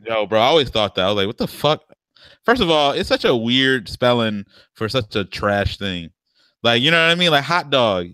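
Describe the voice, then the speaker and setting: This co-host is very animated, talking a little fast in a mid-range voice that's pushed and bright, with a clean tone. He tells laid-back, slangy stories on a podcast and laughs often, and his family comes from the American South. There's no room sound.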